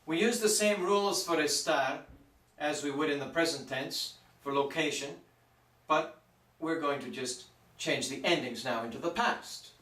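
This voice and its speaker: Male teacher, high voice, slow and deliberate, recorded from a distance in a roomy space. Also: fairly bright tone. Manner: plain, repeats and stresses forms slowly. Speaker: Spanish teacher. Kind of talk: classroom grammar lesson. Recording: echoey room, mic at a distance.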